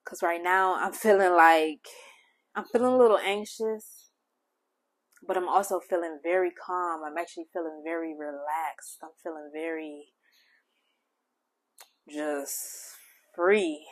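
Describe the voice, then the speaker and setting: A woman hosting a spiritual channel, speaking gentle, heartfelt affirmations straight to the listener. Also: lowish voice, steady tone, a little slow, long pauses. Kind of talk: affirming spiritual message to the viewer.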